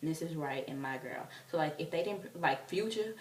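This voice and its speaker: Young woman vlogger, lowish voice, excitable chatty storyteller, recorded roomy and a bit off-mic. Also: moderate pace, hardly any pauses, recorded from a distance, a little hiss or hum. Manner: excitable, chatty, full of fillers. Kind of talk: casual storytelling.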